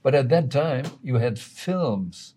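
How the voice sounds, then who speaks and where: A male interviewer with a dark, mellow and husky voice. He chats casually and nudges his guest along with short affirmations. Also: mid-range voice, lively intonation, slow pace.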